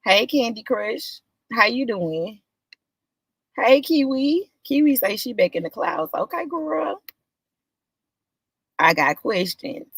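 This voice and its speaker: A woman hosting a live stream, greeting viewers one by one in a casual chat, with drawn-out greetings that jump up high. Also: expressive, creaky, breathy edge, no echo. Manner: warm, drawn-out greetings with sudden high lifts.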